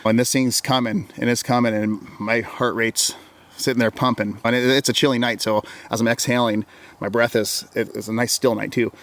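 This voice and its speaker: Speaking at a moderate pace, this man has a medium-pitched, fairly bright voice and a level tone. He's a wilderness guide from Oregon and an interview guest casually telling a long story about an encounter. He rambles and repeats words, quoting himself with "I'm like."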